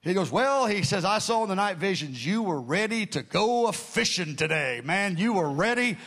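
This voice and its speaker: A pastor telling a story from the pulpit, acting out the voices of the people in it, dropping to a near-hush at times and crying out at others. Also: male voice, high voice, normal speed. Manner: animated storytelling, acting out quotes with dramatic shifts in loudness. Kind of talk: sermon storytelling.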